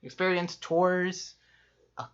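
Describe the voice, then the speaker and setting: A man co-hosting a casual chat, talking quickly with lots of fillers and laughs. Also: high voice, level tone, crowd noise. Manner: quick, upbeat, laughs often, many fillers. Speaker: co-host ranking players. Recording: muffled lo-fi audio.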